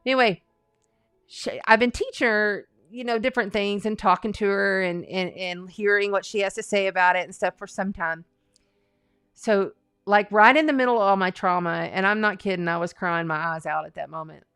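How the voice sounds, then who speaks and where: A woman hosts a live astrology and tarot stream in an easygoing, rambling chat. Her voice is smooth and clear and sits at a middling pitch. The sound is dry, with faint music in the background. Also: steady tone, moderate pace, fairly bright tone, no room sound. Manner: chatty, rambling, folksy. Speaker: astrology and tarot livestream host. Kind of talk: casual livestream chat.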